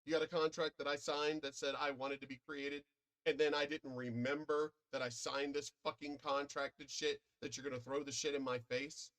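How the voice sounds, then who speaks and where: American guy ranting, swears a lot, cocky and combative, kinda higher voice. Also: little pitch movement, normal speed, fairly bright tone. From United States. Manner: profane, combative and boastful. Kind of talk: ranting monologue.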